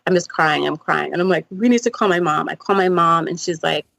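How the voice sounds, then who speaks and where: A woman's voice: fairly low pitch, a little fast, gravelly, fairly bright tone, no room sound. A woman guest on a podcast, telling a story in casual chat, full of fillers and asides. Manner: rambling storytelling with many fillers. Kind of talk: casual conversation.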